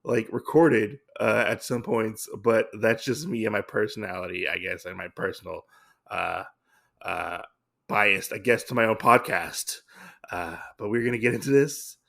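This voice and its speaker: A man's voice: fairly low pitch, normal speed, vocal fry, fairly bright tone. A man hosting his own podcast, recapping a comic book in a rambling, casual way with lots of fillers and restarts. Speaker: podcast host.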